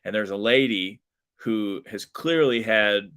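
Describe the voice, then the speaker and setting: A man's voice: lowish voice, slow, clear, resonant tone. A man, a professional wrestler, telling a wild story as a guest in a casual interview with lots of fillers. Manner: animated, chatty, lots of fillers.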